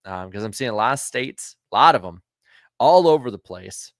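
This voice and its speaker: A man's voice: mid-range voice, expressive, moderate pace, no room sound, studio quality. A man from Florida hosting a casual livestream, chatting with viewers and reading their comments in a rambling way full of ums and uhs, and turning firm when he scolds rude viewers. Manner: rambling, filler-heavy, with frequent ums and uhs. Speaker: livestream host.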